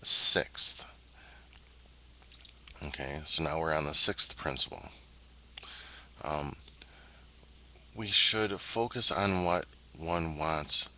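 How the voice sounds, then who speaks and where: A man with a very low-pitched voice and a strikingly bright, forceful tone talks through a self-help lesson. He speaks earnestly and deliberately, pausing on ums and uhs, and leans into his points as he addresses viewers directly. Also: low-quality recording.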